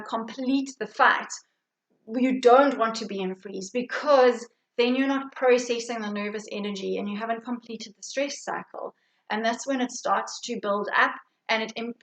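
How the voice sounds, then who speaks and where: Calm woman coaching breathing techniques. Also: fairly high pitch, poor audio. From South Africa. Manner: calm, explanatory, with frequent fillers and restarts. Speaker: vitality coach. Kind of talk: guided wellness instruction.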